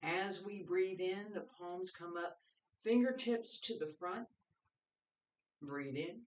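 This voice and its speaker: A qigong instructor leading a guided movement class, giving calm, step-by-step breathing cues. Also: mid-range voice, slow. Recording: roomy echo, voice picked up from a distance.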